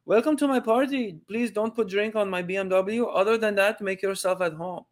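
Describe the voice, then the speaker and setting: A man putting on a Persian accent as a fussy male party host, slow and prim, sounding a bit off-mic. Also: sits high, pitched above the performer's own voice, close to an everyday voice.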